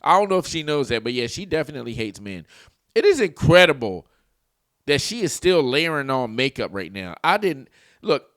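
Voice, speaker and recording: A man's voice: mid-range voice, sing-song, normal speed, a bit bright, dry recording, studio quality. A man hosting a casual reaction video, telling stories with lots of swearing and laughing at the clips.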